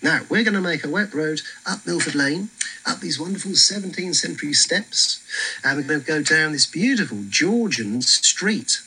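A man leading a walking tour outdoors on a city street, telling stories in a lively way with frequent fillers. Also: a little high, moderate pace, husky, rough recording.

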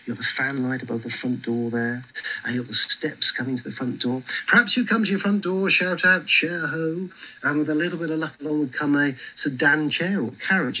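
A man leading a walking tour outdoors on a city street, telling stories in a lively way with frequent fillers. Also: a little high, low-quality recording.

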